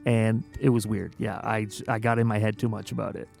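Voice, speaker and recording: Male host for a casual stream chat. Gravelly mid-pitched voice, animated and quick to laugh, with faint music in the background. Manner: animated storyteller, laughs often. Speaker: interview host.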